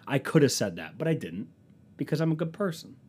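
A man's voice: fairly high pitch, sing-song, fairly quick, a little mellow, slightly rough. A man telling comic stories as a podcast host in a profane, sarcastic, self-mocking casual rant. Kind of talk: casual comedic storytelling rant.

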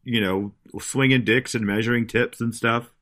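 A man co-hosting a casual movie discussion, dropping quick wisecracks and one-liners. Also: mid-range voice, fairly even intonation, a bit bright. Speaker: podcast co-host.

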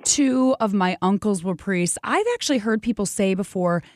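A woman's voice: mid-range voice, normal speed, no echo, studio quality. A woman filling in as a radio host, upbeat and playful, chatting with a guest in a casual interview. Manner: upbeat and playful, laughs often. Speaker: radio show fill-in host.

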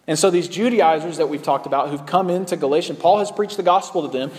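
A man's voice: on the high side, quick pace, a little mellow, in a large hall. A man preaching a sermon in a conversational way, with frequent ums and uhs. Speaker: pastor.

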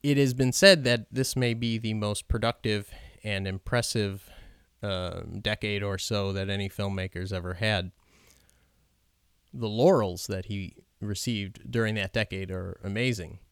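A man's voice: lowish voice, steady tone, a little slow, clean tone, dry recording, clean studio sound. A man giving an unscripted film commentary, hesitant and full of ums and restarts, talking with open admiration.

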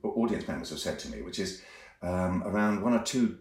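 A man, an actor, talking about his work in an enthusiastic, expressive way with a few restarts. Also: low voice, a little fast. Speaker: actor, guest. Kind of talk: conversational interview. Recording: roomy, echoey sound.

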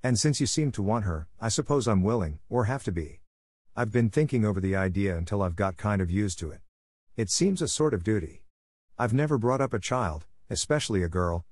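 A stern, stiff older spinster who scolds as she speaks, put on by a male reader. The voice sits a little above his usual low register, and the sound is close and dry. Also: lively intonation, brisk, a little mellow, no echo.

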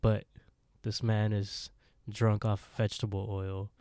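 A man recaps a horror story on a podcast, taking his time with every beat. His voice is warm and relaxed, a touch low, recorded dry and close. He jumps into the characters' lines now and then. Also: unhurried, clean tone, dry recording. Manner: relaxed storyteller acting out lines, laughs often. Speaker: podcast co-host. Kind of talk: casual chat retelling a horror story.

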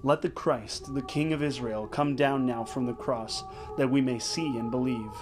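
Male prayer leader, mid-pitched, slow solemn scripture reading, choral music clearly underneath. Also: steady tone. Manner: measured, solemn reading in short phrases. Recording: voice over clear background music. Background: sacred choral music.

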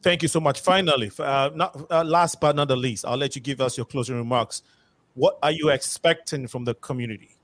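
Ghana-born guy hosting a community show, lots of restarts and stumbles, mid-pitched voice. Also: poor audio. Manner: halting, many restarts, laughs at himself. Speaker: talk show host.

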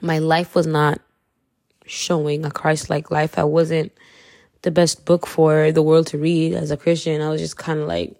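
A woman's voice: low voice, flat delivery, unhurried, a little mellow, dry recording, clean studio sound. A young woman from Kenya with a light Kenyan accent, candidly sharing her faith story in a chatty, slangy way and laughing often. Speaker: podcast host. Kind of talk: casual faith testimony.

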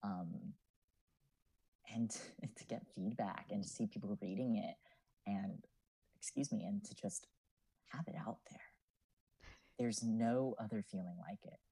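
A young man in his twenties chats as a guest on a casual podcast. His voice is mellow and husky, and he talks earnestly and thoughtfully, with lots of "um"s. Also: fairly low pitch, a little slow, pauses often, rough recording. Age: 20s. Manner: reflective, earnest, with many fillers. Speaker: podcast guest, student writer.

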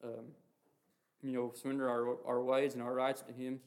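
A man preaching an informal sermon in a flat, even voice at a middling pitch. He talks haltingly, leaning on fillers, earnest throughout. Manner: halting, heavy with "you know" and "um" fillers; earnest, reads scripture quotes aloud. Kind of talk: informal sermon on the Lord's Prayer.

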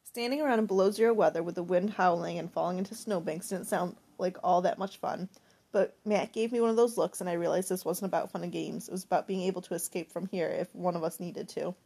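Breathy woman reading a diary-style novel. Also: on the low side, steady tone, quick pace, dark tone. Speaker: audiobook narrator. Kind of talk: first-person diary-style audiobook narration.

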